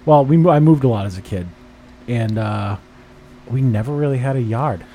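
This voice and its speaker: A man's voice: mid-range voice, normal speed, dark tone. A man hosting a podcast, teasing, profane and chatty in casual banter. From Boston area. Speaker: podcast host.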